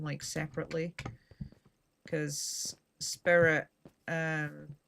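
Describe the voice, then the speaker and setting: A woman's voice: deep voice, pushed and bright, slight background noise. A Scottish woman from Scotland, chatting casually and rambling with dry humor while she streams a game. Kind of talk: casual chat while gaming.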